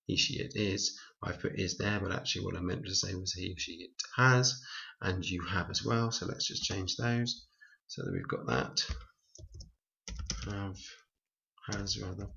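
A low, gravelly man with a bright edge teaches a Spanish lesson from slides. He explains step by step and stops to fix his own slips. The recording is dull and lo-fi. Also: expressive. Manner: explains step by step, pauses to correct himself. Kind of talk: slide-based language lesson.

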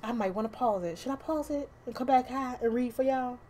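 A woman's voice: on the high side, fairly quick, warm tone. A woman doing a casual tarot reading to camera, chatty and loose, with slang, swearing and laughing asides. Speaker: tarot card reader.

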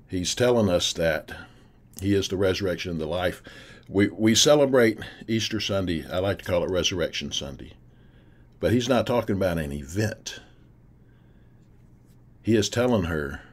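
A man preaching an earnest, encouraging sermon for a recorded video, repeating his key phrases. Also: low-pitched. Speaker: pastor. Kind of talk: recorded sermon to a youth camp.

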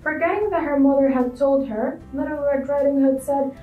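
A woman reading a children's story aloud in a clear, expressive storybook way. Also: high voice, normal speed, echoey room, far from the mic, narrow, tinny audio, faint music behind.

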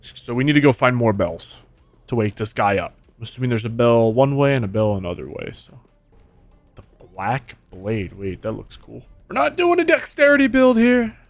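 Excitable young man swearing through gameplay. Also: lowish voice, normal speed, dry recording, faint music behind. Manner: excitable, swears often, jumps to yelps when hit. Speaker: gaming streamer. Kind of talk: casual gameplay commentary.

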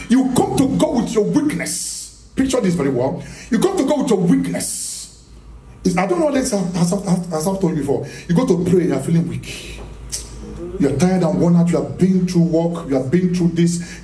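A man's voice: high-pitched, dark tone. Emphatic male preacher in an echoey hall. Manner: emphatic, repeats phrases, rhetorical questions to the audience; laughs often while preaching. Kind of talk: charismatic sermon. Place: church hall. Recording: echoey hall, mic from a distance.

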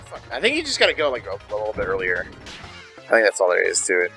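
Young male co-host, bright voice that swings widely, excitable and foul-mouthed, faint game music behind. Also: on the low side, very fast, creaky. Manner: excitable, profane, cheering and heckling. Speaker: co-host watching a playthrough. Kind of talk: casual let's-play banter.

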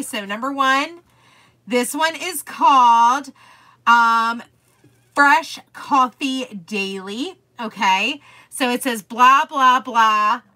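Fairly high in pitch, bright and forceful, a woman runs a chatty live-stream craft demo. Viewers get greeted by name and their comments read aloud, while she raves about products and wanders off on tangents easily.

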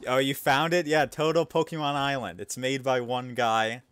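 A young man casually commenting on his gameplay while streaming, chatty and self-mocking, laughing at himself and swinging between mumbles and loud outbursts. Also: mid-range voice, steady tone, moderate pace, clean tone.

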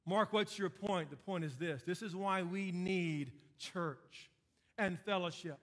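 A man's voice: sits high, unhurried. A man preaching a sermon as pastor, building points through emphatic repetition and dry sarcasm.

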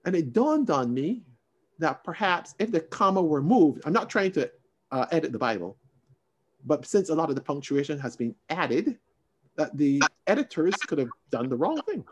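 Speaking at normal speed in a fairly high, husky voice, a Sunday school teacher runs a Bible study by video call. His delivery is emphatic and expressive, alternating between louder emphasis and hushed asides.

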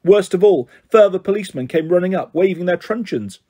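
Husky man reading a children's novel. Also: high-pitched, a little fast. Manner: steady first-person narration, voices for the characters. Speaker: storyteller.

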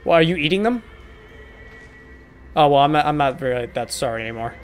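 A man's voice: a little high, expressive, fairly quick, soft background music. A man hosting a horror game playthrough, talking to the characters with joking, profane, mock-apologetic banter. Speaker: gaming video host. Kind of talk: horror game let's play commentary.

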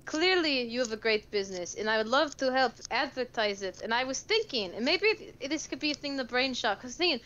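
Woman player in a tabletop game, slightly high voice, eager, rambling, faint background noise. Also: lively intonation, a little fast, hardly any pauses, fairly bright tone, lo-fi sound. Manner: eager, rambling, restarts often. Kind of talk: tabletop role-play in character.

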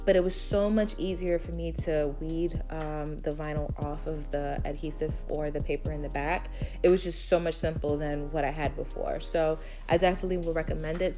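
Low-voiced woman with a Brooklyn accent. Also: a little mellow. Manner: chatty, step-by-step, frequent ums. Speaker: DIY vlogger. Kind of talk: casual tutorial voice-over.

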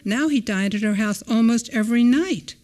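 Woman reading a lecture with expressive lift. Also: normal speed. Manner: expressive reading with wide swings in pitch and loudness; adds brief spoken asides between readings. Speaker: historian giving a lecture. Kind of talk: reading a prepared lecture aloud. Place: lecture hall before an audience.

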